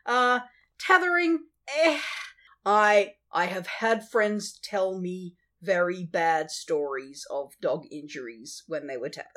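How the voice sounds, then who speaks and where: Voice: medium pitch, expressive, slow, sharp tone. Blunt, sweary podcast co-host. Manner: blunt, sweary, laughs often. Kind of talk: casual movie review chat.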